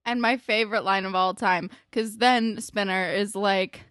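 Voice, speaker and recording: A woman co-hosting a podcast, chatting casually and bluntly with swearing and quick asides. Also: medium pitch, fairly even intonation, a bit bright, no room sound, clean studio sound. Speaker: podcast co-host. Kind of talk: casual recap chat.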